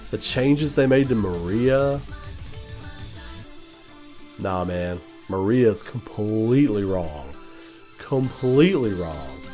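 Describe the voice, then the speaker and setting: Animated male host, lowish voice, casual swearing rant over quiet guitar. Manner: animated, swears freely, mimics mumbling voices. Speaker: channel host.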